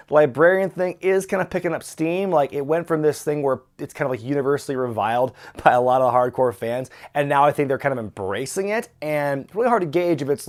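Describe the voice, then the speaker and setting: Male reviewer, conversational and opinionated, middle-pitched everyday voice. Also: a little mellow. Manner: opinionated, conversational, with frequent fillers. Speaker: wrestling reviewer. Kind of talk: casual review commentary.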